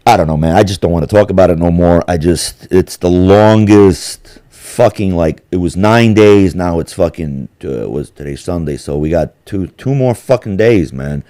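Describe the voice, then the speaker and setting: Male podcast host, lowish voice, crude jokey banter, dry booth sound. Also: moderate pace, dark tone, no room sound. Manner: profane, jokey, slips into mocking impressions. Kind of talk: casual chat.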